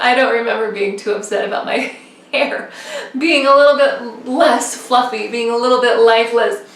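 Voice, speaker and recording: Young woman rambling to camera, lots of ums, kinda high voice. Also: normal speed. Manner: rambling, chatty with many fillers. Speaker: vlogger. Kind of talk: casual chat to camera. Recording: echoey room, mic at a distance.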